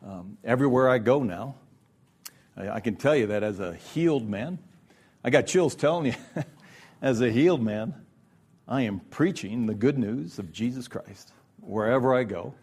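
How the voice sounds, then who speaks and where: A man's voice: mid-range voice, moderate pace, long pauses, darkish tone, slightly rough. A middle-aged man giving an earnest, conversational Christian workshop talk, often checking in with "right?". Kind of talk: sermon-style workshop talk.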